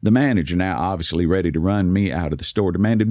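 A man with an East Texas accent telling a story in a soft voice whose words slur, courtly and wry. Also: sits low, fast talker, dry recording, studio quality. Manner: courtly, old-fashioned and wry. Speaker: podcast host. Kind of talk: storytelling monologue.

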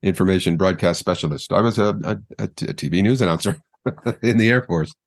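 An older American man with a Mid-Atlantic broadcast accent, once a news anchor, chats casually as an interview guest. His deep voice moves a little fast, he stumbles over words and laughs easily, and the studio sound is clean with no room sound.

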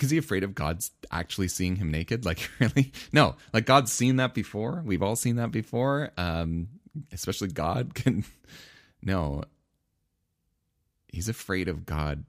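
A man preaching a sermon in a casual, laughing, animated storytelling manner. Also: deep voice, measured pace, no room sound, clean studio sound. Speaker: pastor.

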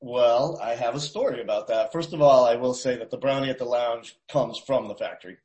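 A man's voice: mid-range voice, fairly quick, reverberant. A man hosting a casual podcast chat, telling stories about local food. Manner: storytelling, animated. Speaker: podcast host and food tour guide.

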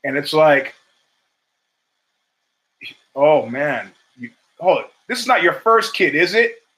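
An older man hosts his own show in a loose, profane monologue that drifts from story to story. His voice sits noticeably high for a man, and he keeps slipping into quick acted-out lines of dialogue. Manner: profane, rambling, animated storytelling with acted quotes. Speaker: podcast host. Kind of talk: casual monologue.

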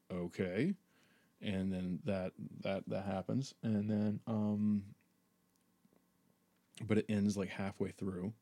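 A man's voice: lowish voice, warm tone. A man hosting a podcast, telling a personal story in a rambling, profane monologue full of fillers. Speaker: podcast host.

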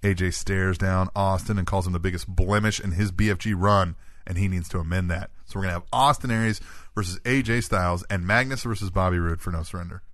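Recorded in the studio with no echo, this man speaks in a low, slightly bright voice with fairly even intonation. Co-hosting a wrestling podcast, he runs through the week's matches in a fast, casual play-by-play, frequently ending lines with "right?"

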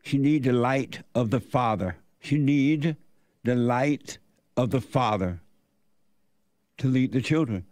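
A man's voice: mid-range voice, takes it slowly, long pauses, a little mellow, dry recording. An older man hosting a radio talk show, preaching his opinions in an emphatic, repetitive way.

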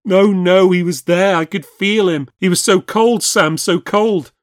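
A man's voice: high-pitched, measured pace, no echo, clean studio sound, pitched above the performer's own voice. A man voicing a terrified young woman who has just seen a ghost, speaking in a panicked shriek.

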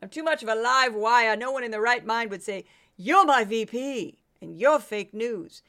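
A woman doing an impression of a combative woman politician who shouts indignant, repetitive accusations. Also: fairly high pitch, normal speed.

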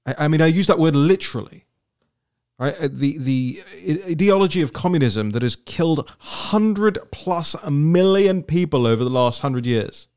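Male host, fairly high voice, rambling and animated in political conversation. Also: moderate pace. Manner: animated, rambling, repeats words while thinking aloud. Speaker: podcast host. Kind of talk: political talk-show conversation.

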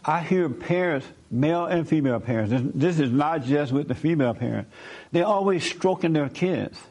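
A man's voice: on the high side, animated, normal speed, a little mellow, lo-fi sound. Blunt man lecturing and pressing questions. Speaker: interviewer. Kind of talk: probing conversational interview.

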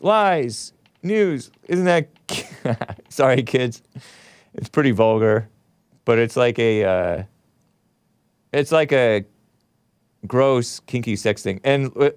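A male host talking loosely on his own show, wandering from point to point with quick asides and chuckles. His voice is smooth and clean, recorded close and dry with no room sound. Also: mid-range voice, dry recording. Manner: rambling, joking asides to viewers, reads chat comments. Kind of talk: casual talk show commentary.

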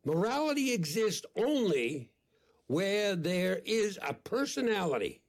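An older man, a priest, speaking as an interview guest in an emphatic, deliberate, preacherly way. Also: high-pitched, big pitch swings.

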